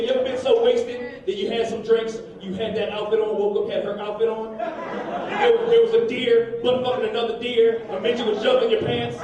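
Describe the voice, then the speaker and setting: A young man doing a rambling, crude stand-up set on a comedy club stage, swinging between loud bursts and low mutters. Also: far from the mic. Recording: echoey club room heard from afar, crowd noise. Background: audience laughter.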